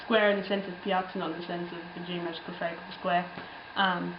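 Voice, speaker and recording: A woman's voice: fairly low pitch, flat delivery, fast talker, roomy sound, highs cut off, background noise. A young woman telling a travel story in a casual, rambling way, full of ums and little laughs. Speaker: travel vlogger.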